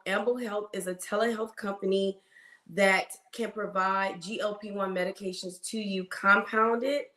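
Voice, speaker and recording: A woman hosting a casual livestream as a nurse, chatting and greeting viewers by name, with a cough. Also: mid-range voice. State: has a cough. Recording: roomy echo.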